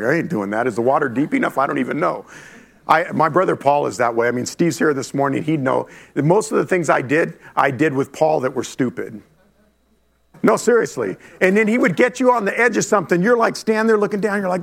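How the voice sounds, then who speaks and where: A middle-aged male pastor preaching a lively sermon to his congregation, talking straight to the room with quick asides. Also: a little high, gravelly. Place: church before a congregation.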